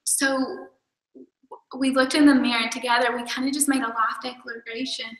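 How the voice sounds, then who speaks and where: A woman's voice: a little high, little pitch movement, moderate pace, fairly bright tone. A young woman student telling a story in casual chat, earnest and full of fillers. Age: young adult. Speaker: student volunteer. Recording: roomy echoey sound.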